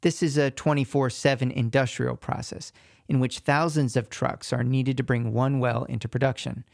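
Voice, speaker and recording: Male radio reporter, gravelly, dry close sound, measured scripted delivery. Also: mid-range voice, little pitch movement, darkish tone, no room sound. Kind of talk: scripted news narration.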